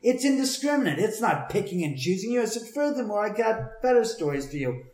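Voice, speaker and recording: A man telling a long story in casual conversation, heated, profane and animated. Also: high voice, brisk. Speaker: storyteller, homeowner with a haunted house. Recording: roomy echo.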